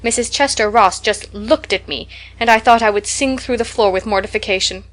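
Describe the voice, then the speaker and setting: A woman's voice: medium pitch, fairly quick, lightly acted. Woman doing chatty young girl, imaginative, dramatic, breathless storyteller, audiobook. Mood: gushing.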